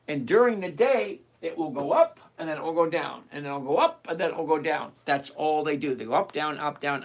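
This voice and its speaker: Chatty options-trading livestream host. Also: medium pitch. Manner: animated, repetitive, chatty and direct. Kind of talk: live stream, reading out and answering chat questions.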